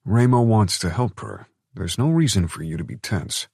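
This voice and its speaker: A man voicing a calm, analytical man in an audiobook, with a measured drawl. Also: sits low, creaky, husky, no echo, clean studio sound, voice pushed up, heavily acted. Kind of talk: audiobook narration.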